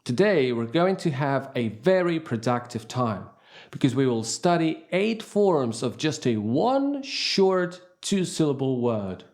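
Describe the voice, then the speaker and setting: A man teaching English vocabulary in a scripted lesson, reading example sentences slowly and deliberately. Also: medium pitch. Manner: slow, deliberate, lively intonation.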